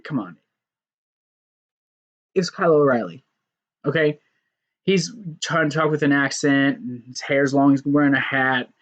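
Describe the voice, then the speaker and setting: A man casually recapping a wrestling show, animated, acting out quotes and laughing along. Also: fairly high pitch.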